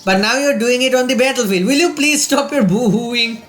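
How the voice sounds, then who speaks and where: A man's voice: very high-pitched, moderate pace, a bit bright, faint music behind. A man voicing a bossy young male fighter who teases a childhood friend, read in a scolding, mocking way. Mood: teasing.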